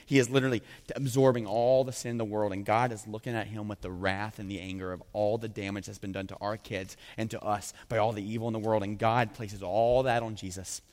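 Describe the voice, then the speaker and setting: Fervent preacher in an echoing hall. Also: male voice, fairly low pitch. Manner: swings from hushed to loud, fervent peaks. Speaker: pastor. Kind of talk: sermon. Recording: long reverb of a large hall.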